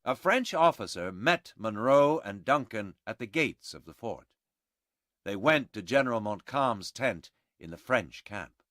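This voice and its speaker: A man reading a storybook aloud in a slow, clear and expressive narration. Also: lowish voice, no echo, clean studio sound. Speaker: audiobook reader.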